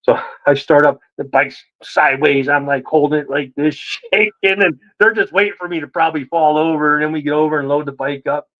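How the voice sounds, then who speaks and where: A man telling a story in a casual interview, animated and acting out the voices of the people he quotes. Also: fairly high pitch, fairly quick, few pauses, dull audio. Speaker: guest.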